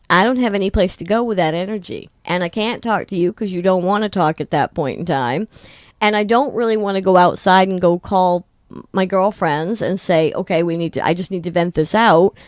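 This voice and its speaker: A middle-aged woman co-hosting a talk show, telling personal stories in a candid, self-deprecating way with quick restarts. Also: medium pitch, no room sound, studio quality. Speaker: podcast co-host. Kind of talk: casual chat.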